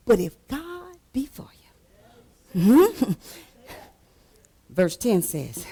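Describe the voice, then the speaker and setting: A woman preaching a sermon with repeated call-and-response lines, dropping to hushed asides and then rising to shouts. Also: medium pitch, huge pitch swings, takes it slowly, pauses often, husky. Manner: swings between hushed asides and shouted exhortation. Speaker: pastor.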